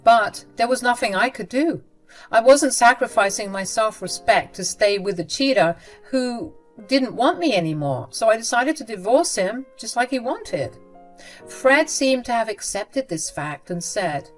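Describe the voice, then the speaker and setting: A woman reading a first-person story aloud in a steady, measured way. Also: fairly high pitch. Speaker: story narrator. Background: faint background music.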